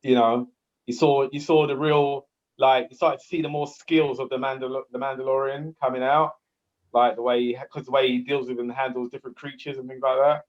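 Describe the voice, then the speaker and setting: A man's voice: mid-range voice, level tone, brisk. Rambling man with dull, lo-fi sound. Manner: rambling, hesitant. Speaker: podcast co-host. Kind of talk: casual chat. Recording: dull lo-fi audio.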